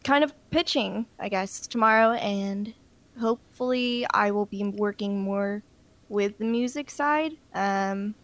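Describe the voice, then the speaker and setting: A woman's voice: medium pitch, unhurried. A young woman in radio chatting casually, rambling a little with frequent ums as she talks about her career plans. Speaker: radio news presenter. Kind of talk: casual chat.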